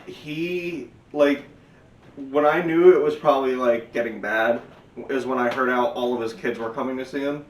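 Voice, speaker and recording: A man's voice: mid-range voice, normal speed, distant mic. An easygoing man co-hosts a podcast in casual chat, laughing often and swearing offhandedly. He sits away from the mic, and the room is noticeably echoey. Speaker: podcast co-host.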